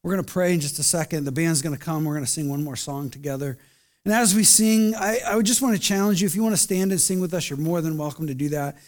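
A man preaching a sermon at a church service and leading a closing prayer, earnest and pleading, often dropping to a soft hushed voice. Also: fairly high pitch, quick pace. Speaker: pastor.

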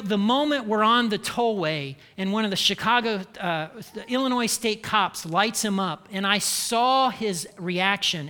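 Preaching to a large hall, a man from Indiana speaks conversationally, frequently ending lines with "okay?" and "right?". His voice is high, bright and forward, and a long echo rings around him.

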